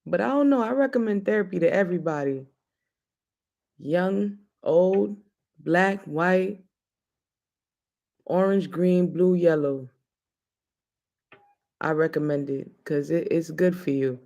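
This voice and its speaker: A man's voice: sits high, takes it slowly, gravelly, long pauses, darkish tone. A man hosting a casual chat show, talking in a loose, joking, slangy way. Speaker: host.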